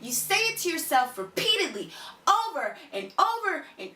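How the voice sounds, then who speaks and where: A woman's voice: high-pitched, very animated, normal speed, bright, forceful tone, echoey room, far from the mic. A woman giving an emphatic, repetitive motivational address to a single listener. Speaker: motivational speaker.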